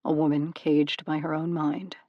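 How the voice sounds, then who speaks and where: A woman voicing a brooding male god of the dead who speaks in a measured, controlled way. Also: low voice, level tone, dry recording, dull audio. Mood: stern calm.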